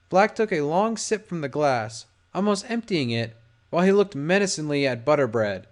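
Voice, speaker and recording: Brief: male storyteller, high-voiced, animated reading of fan fiction. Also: normal speed. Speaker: audiobook narrator. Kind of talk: fan audiobook narration.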